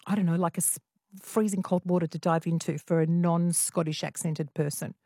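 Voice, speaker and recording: A woman's voice: lowish voice, steady tone, a little fast, mellow, no room sound, studio quality. A woman hosting a late-night talkback radio show, chatty and playful with callers. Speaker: radio host. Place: radio studio.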